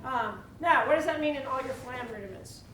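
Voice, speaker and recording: A woman's voice: high-pitched, brisk, over loud music. A woman teaching a live percussion clinic, chatty and quizzing the audience. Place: large echoey hall with audience. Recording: roomy live hall, distant mic, loud drumming.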